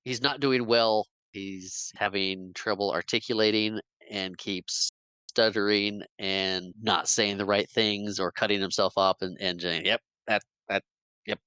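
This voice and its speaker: A man's voice: lowish voice, fairly even intonation, measured pace, pushed and bright, smooth, dry recording. A man co-hosting a podcast, recapping a film in casual chat, rambling with restarts and acting out quoted lines. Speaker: podcast co-host.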